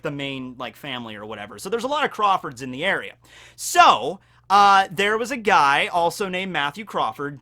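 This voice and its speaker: A man's voice: on the high side, bright, forceful tone. A man from Western Pennsylvania telling a story on his vlog in a casual, rambling way, full of swearing and fillers. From Western Pennsylvania, USA. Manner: rambling, profane, fills with likes and ums. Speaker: vlogger.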